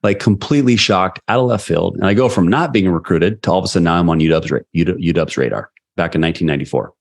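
A man in his forties, a sales leader, telling a personal story in an interview, acting out quotes with lively energy. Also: sits low, fast talker, vocal fry, breathy edge. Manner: animated, acts out quotes. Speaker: guest, sales leader and coach.

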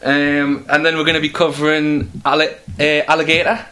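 A man's voice: fairly high pitch, monotone, bright, forceful tone. A British man hosting a casual podcast, hesitant with many fillers. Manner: hesitant, filler-heavy, slow. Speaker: podcast host. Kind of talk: casual chat.

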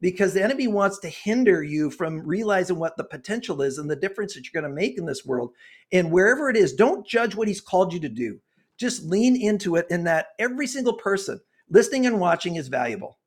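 Brief: impassioned older man, sixties, high voice, preachy interview guest. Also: animated, fast talker. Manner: impassioned, preachy, gets worked up. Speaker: guest author and consultant. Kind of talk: earnest interview talk.

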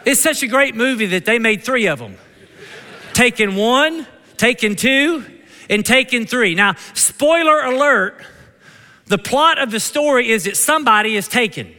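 A pastor with a Kentucky twang preaching an energetic sermon. He jokes with the congregation and calls out for amens. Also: very high-pitched, a little slow. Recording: long reverb of a church hall.

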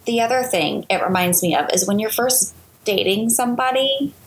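Animated woman chatting about books. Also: a little high, normal speed. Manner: animated, playful asides. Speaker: podcast co-host. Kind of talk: casual book chat.

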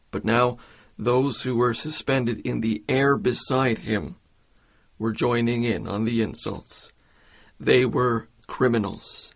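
A man giving a devotional meditation in a measured, earnest way. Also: medium pitch, steady tone. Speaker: preacher.

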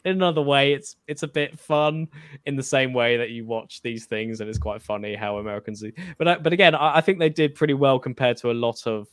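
A man's voice: mid-range voice, fairly even intonation, brisk, a bit bright, clean tone, dry recording. An English man co-hosting a podcast, chatting casually about a film with many fillers and restarts. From England. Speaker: podcast co-host.

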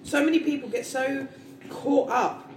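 A woman's voice: high voice, a little slow, crowd noise. Chatty woman in an echoey room. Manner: agreeable, chatty, backs up her partner. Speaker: film podcast co-host. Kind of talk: casual film chat. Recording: echoey room with background noise.

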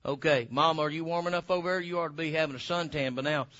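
A man preaching a sermon as pastor, emphatic and fervent, breaking into sudden loud bursts. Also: on the high side, quick pace, highs cut off.

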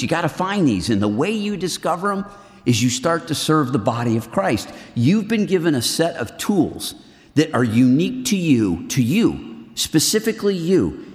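A middle-aged man preaching to a group of men in a lively, earnest way, swinging between loud and hushed. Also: mid-range voice, long reverb tail. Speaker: men's ministry speaker. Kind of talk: sermon.

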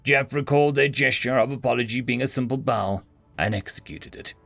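A man's voice: mid-range voice, brisk, creaky, fairly bright tone, no room sound, faint music behind. A man narrating a sci-fi story in a dry, wry storytelling manner.

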